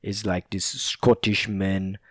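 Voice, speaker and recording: A man's voice: low voice, level tone, slow, a bit bright, no room sound, studio quality. A young Italian man with an Italian accent hosting a casual solo podcast, rambling, chuckling and swearing loosely. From Italy. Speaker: podcast host.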